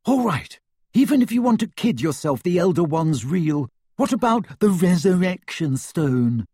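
A man's voice: fairly high pitch, animated, normal speed, a little mellow, husky. A man reading aloud voices a clever, exasperated teenage girl witch with a firm, sarcastic manner. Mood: firm, sceptical.

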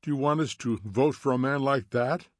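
A man's voice: medium pitch, normal speed, no echo, lightly acted. A man voicing a prim, gossipy society woman with a lifted, chatty voice, in a dry audiobook reading.

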